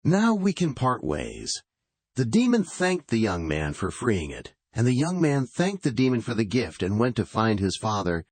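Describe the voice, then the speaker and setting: A man with a deep, husky voice telling a bedtime story, his pitch moving in a lively way. He is recorded close and dry. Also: moderate pace, few pauses, no room sound. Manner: calm storytelling with acted voices. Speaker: narrator.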